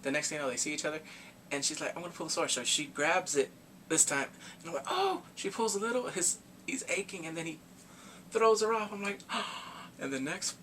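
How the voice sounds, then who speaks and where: Animated young man recapping a drama. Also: fairly high pitch, quick pace, slight background noise. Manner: animated storyteller, acts out reactions with gasps and laughs. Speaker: K-drama reviewer. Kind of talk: casual recap vlog.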